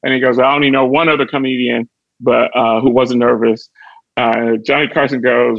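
A man's voice: medium pitch, normal speed, creaky, low-quality recording. A middle-aged man from Chicago, a comedian guest on a podcast, telling a backstage story and acting out the quoted dialogue. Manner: lively anecdote teller who acts out quoted dialogue.

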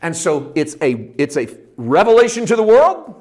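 A man preaching a sermon with impassioned delivery, dropping to a hush and rising to loud emphasis, stretching out key phrases. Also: a little high, very animated, moderate pace. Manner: impassioned, swinging from hushed to loud.

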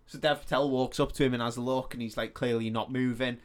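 A man on a podcast, casually retelling a film plot with swearing and quick voiced-out lines for each character. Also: mid-range voice, fairly even intonation. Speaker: podcast co-host.

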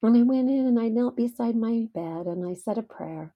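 A woman's voice: on the high side, moderate pace, lo-fi sound. A middle-aged woman hosting a devotional podcast, telling stories in an earnest, heartfelt way. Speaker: podcast host.

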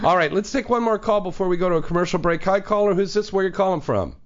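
A man's voice: high voice, animated, fast, highs cut off. A man hosting a live call-in radio show, joking and teasing callers and his guests.

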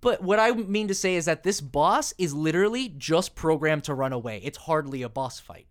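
A man co-hosting a casual podcast, arguing in an animated, profane, rambling way. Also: a little high, moderate pace. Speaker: podcast co-host.

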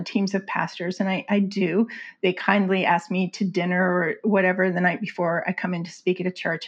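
A woman speaking as an author and guest in a conversational interview, earnest and animated, laughing often. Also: on the low side, breathy edge. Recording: slightly dull lo-fi audio.

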